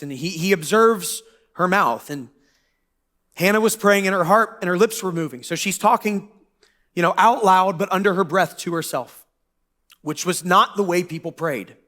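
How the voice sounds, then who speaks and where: Casual young male pastor, high-pitched, joking, church sermon. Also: fairly bright tone. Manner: casual, joking preacher with quick asides.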